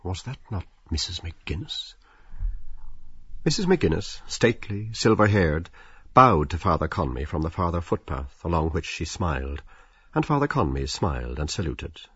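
A man narrating a literary audiobook in a measured, wry and expressive storytelling manner. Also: sits low, breathy edge, no room sound, muffled recording.

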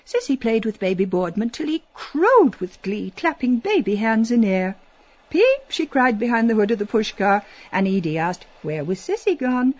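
A woman narrating a literary audiobook in an expressive, lilting storytelling manner, dropping to a hush at times. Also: medium pitch, moderate pace, hardly any pauses, dull audio. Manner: expressive, lilting storytelling with soft hushed passages.

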